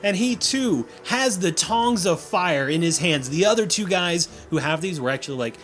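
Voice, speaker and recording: A man narrating a tabletop game as game master, animated and laughing often. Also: high-pitched, normal speed, soft background music.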